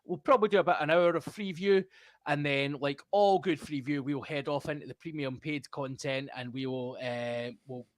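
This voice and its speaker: A man's voice: on the high side, fairly even intonation, normal speed, no room sound. A middle-aged Scottish man hosting a rugby podcast over a video call, chatty and joking with frequent laughs and fillers. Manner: jokey, laughs often, many fillers. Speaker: podcast host. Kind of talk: casual chat.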